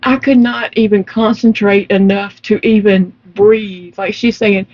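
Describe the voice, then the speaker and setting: A woman's voice: mid-range voice, fairly even intonation, a little slow, muffled recording. A woman chatting casually while crocheting, telling her story emphatically and laughing often. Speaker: vlogger.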